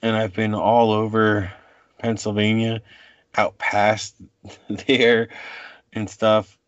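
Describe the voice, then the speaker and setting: A man in his forties co-hosting a casual chat, rambling and halting with many fillers, in a dull, muffled recording. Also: fairly low pitch, flat delivery, no room sound.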